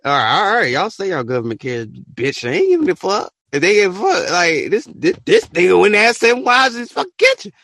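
A man hosting a podcast, ranting his opinion in an animated, profane way and bursting into shouts. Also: sits high, fairly quick, few pauses, no room sound, studio quality. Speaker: podcast host.

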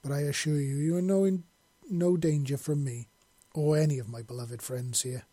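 A man voicing a huge male deathclaw creature who speaks slowly and formally, coldly furious at villains yet gentle with the freed captives. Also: fairly high pitch, fairly even intonation, no echo, close to an everyday voice. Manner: slow, solemn, formal speech.

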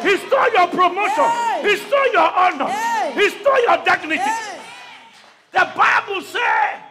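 A man preaching a shouted call-and-response sermon to a congregation, pausing for replies and breaking into tongues. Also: very high voice, expressive, a loud crowd. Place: church service with congregation.

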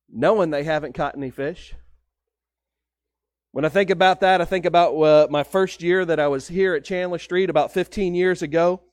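Pastor, light high voice, storytelling sermon, dry recording. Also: male voice, no room sound. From Texas. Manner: conversational storytelling preaching.

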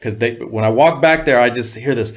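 A man's voice: medium pitch, a little fast. A man, a music producer guest, telling stories in a loose, profane way and often saying "you know what I mean". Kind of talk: casual storytelling.

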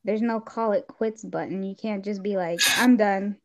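A teenage girl in casual chat, animated, with quick asides and expressive exclamations. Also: medium pitch. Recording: dull lo-fi sound.

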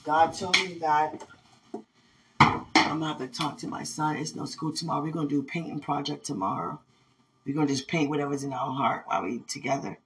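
Speaking briskly in a low voice, a woman hosts a podcast as a casual monologue aimed at someone who isn't there. She rambles, grows emotional and laughs frequently, with background noise behind her.

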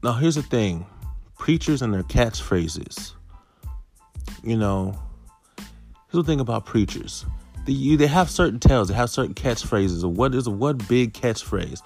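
A man's voice: medium pitch, expressive, unhurried, creaky, long pauses, a little mellow, faint music behind. A middle-aged man doing stand-up comedy, talking conversationally and punctuating bits with "okay.". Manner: conversational, keeps saying okay.

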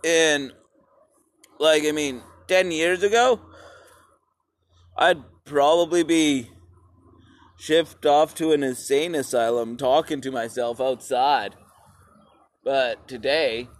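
Man, solo podcast host outside, slow profane rambler, slightly high voice. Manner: rambling and profane, addresses listeners as "peoples". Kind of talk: casual solo podcast monologue. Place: outdoors.

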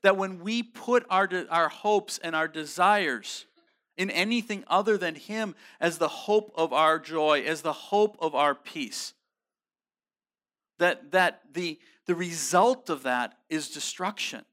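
Man, pastor, sermon, fairly high voice, casual slang, emphatic delivery. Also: slow pace, fairly bright tone. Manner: frequent restarts and repeated words.

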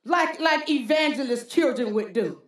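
A woman preacher delivering a folksy, animated sermon with call-and-response, in a church. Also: high-pitched, moderate pace. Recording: roomy church hall echo.

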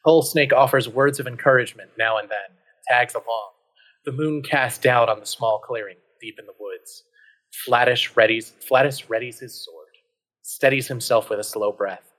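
A man's voice: mid-range voice, moderate pace, a bit bright, poor audio. A man narrating a choose-your-own-adventure tabletop story he wrote. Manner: dramatic storytelling. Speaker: narrator and writer.

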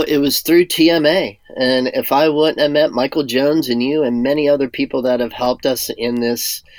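A man tells stories as a guest in a casual interview, voicing the people he quotes with lively energy. His voice sits at a middle pitch. The recording is dry and close, with no room sound. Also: no echo. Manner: animated storyteller who acts out quoted dialogue. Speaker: guest, sorbent product entrepreneur.

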